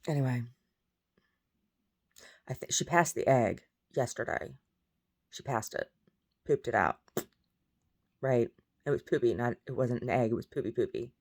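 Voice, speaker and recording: A woman's voice: a bass voice, a little slow, long pauses, darkish tone. A woman vlogging in a rambling, chatty way, jumping between topics. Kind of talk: casual chat.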